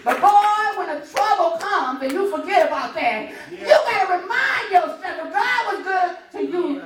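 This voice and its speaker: Woman preacher, high-pitched, laughing call-and-response delivery; distant mic in a roomy church, congregation audible. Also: expressive, unhurried, a crowd in the background. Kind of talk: sermon. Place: church sanctuary.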